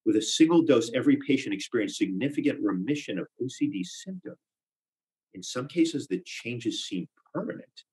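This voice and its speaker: A man's voice: medium pitch, big pitch swings, moderate pace, darkish tone, rough recording. A man performing a theatrical comic monologue, with anxious, obsessive repetitions and wry asides. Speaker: solo performer.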